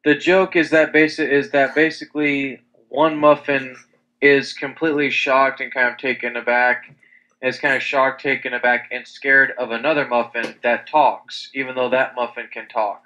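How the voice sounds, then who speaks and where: A man's voice: medium pitch, level tone, moderate pace, sharp tone, low-quality recording. A young man in casual chat, telling rambling stories with lots of restarts and crude language. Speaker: podcast co-host.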